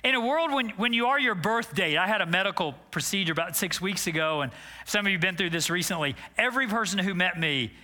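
Pastor guy in his 60s preaching, high bright voice, goes from big loud lines down to almost whispering. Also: quick pace. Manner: passionate, swings from loud declarations to hushed near-whispers. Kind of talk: sermon.

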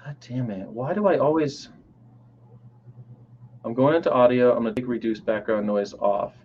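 A man's voice: medium pitch, moderate pace, a little mellow. A man with a middling voice chats casually and mutters as he sorts out audio settings. His audio is dull and lo-fi, with faint background hiss. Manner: frustrated, muttering about audio. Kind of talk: casual chat. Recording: muffled lo-fi call with faint noise.

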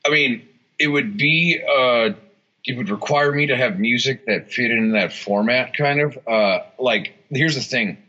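A man's voice: medium pitch, unhurried, pushed and bright. A man in a casual interview, rambling with lots of restarts, fillers and swearing. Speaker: guitarist and songwriter, interview guest. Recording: dull lo-fi sound.

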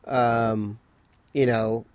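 A man's voice: mid-range voice, little pitch movement, drawn-out words, no echo. A man in casual chat, reviewing a TV episode with a co-host, enthusiastic and filling his talk with "I mean" and "you know". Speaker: podcast co-host.

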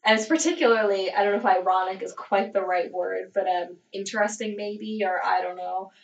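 A woman's voice: mid-range voice, steady tone, brisk, vocal fry, distant mic, poor audio. A woman hosting a podcast in casual chat, talking in a chatty way full of "like" and "um". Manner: chatty, lots of "like" and "um", laughs easily. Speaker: podcast host.

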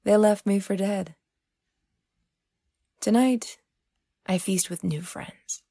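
A woman's voice: medium pitch, slow pace, mellow, no room sound, clean studio sound. A woman voicing an old woman, proud and long abandoned, who speaks emphatically and breaks into sad pleading. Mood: tearful relief.

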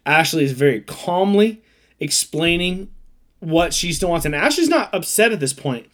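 A man's voice: on the high side, normal speed. A man in his thirties co-hosting a casual chat, telling stories and acting out the quotes with energy. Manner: animated storyteller who acts out quotes. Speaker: podcast co-host.

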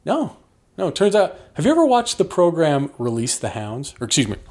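A man's voice: a little high, huge pitch swings, a little fast, a little mellow. A man hosting a comedy podcast, chatting playfully and slipping into silly voices. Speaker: podcast host. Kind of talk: comedic casual chat.

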